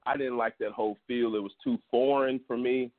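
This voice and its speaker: A man's voice: medium pitch, fairly even intonation, fairly quick, no room sound. A man on a sports talk panel giving blunt, joking opinions in casual chat. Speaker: podcast panelist. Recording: tinny phone-like sound.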